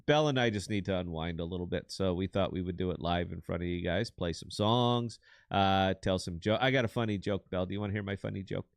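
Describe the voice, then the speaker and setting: Jokey man in his fifties, low voice. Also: fast, gravelly, no echo, studio quality. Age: 50s. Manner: rambling, jokey, tells corny dad jokes. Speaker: podcast co-host. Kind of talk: casual live chat.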